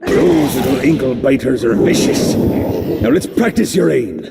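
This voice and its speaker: An actor playing a boastful old pirate captain in a video game, talking in a swaggering pirate way with a gravelly voice. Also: male voice, medium pitch, lively intonation, a little slow, heavy background noise. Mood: bossy coaching. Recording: game audio over loud music.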